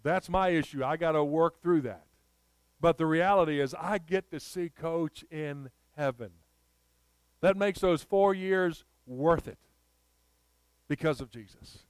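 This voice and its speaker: A man's voice: fairly high pitch, unhurried, clear, resonant tone, no room sound. A man preaching a sermon, telling a personal story and rising to emphatic appeals.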